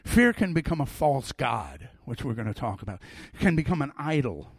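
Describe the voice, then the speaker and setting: A middle-aged man preaching a sermon, telling personal stories in an animated way that swings from loud to soft. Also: medium pitch, moderate pace, breathy edge, no room sound, studio quality. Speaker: pastor.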